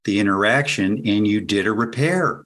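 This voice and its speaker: A man, a guest on a podcast, talking in a halting way that repeats words as he starts a point. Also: lowish voice, fairly bright tone. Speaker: guest, somatic educator. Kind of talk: casual conversation.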